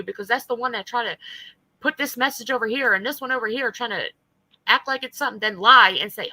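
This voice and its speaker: A woman's voice: high-pitched, fast, bright, forceful tone, no room sound, poor audio. A woman streamer ranting in blunt, profane, heated commentary to her live chat. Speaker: livestreamer.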